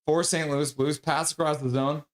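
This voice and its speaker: Man calling hockey play-by-play, higher-pitched. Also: moderate pace. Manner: reads viewer chat aloud, excitable. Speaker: streamer doing live play-by-play.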